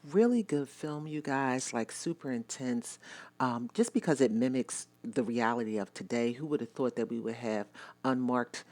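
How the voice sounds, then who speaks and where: A woman with an unusually deep, low voice gives a casual movie review on her vlog. She talks straight to her viewers in a chatty, emphatic way and states her opinions firmly. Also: moderate pace, a little mellow. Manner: chatty, addresses viewers directly.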